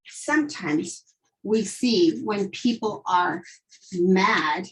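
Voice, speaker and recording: Woman teacher, husky voice, slow and deliberate, vocabulary lesson, acts out feelings. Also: mid-range voice, lively intonation, low-quality recording. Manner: acts out emotions with dramatic quoted lines.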